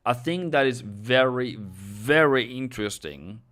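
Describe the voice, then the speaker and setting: Slow, halting male market analyst. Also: mid-range voice, expressive, a bit bright. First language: Norwegian. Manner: slow, halting delivery with frequent fillers and self-corrections; talks directly to viewers, thanks subscribers. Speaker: forex trading host. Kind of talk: live market analysis stream.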